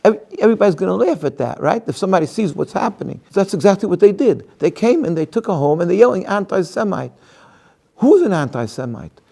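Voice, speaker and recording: Emphatic man with a gravelly voice. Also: sits high, sing-song, fast, mellow. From United States. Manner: emphatic, argumentative, many restarts and rhetorical questions. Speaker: interviewee, activist. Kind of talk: impassioned interview answers.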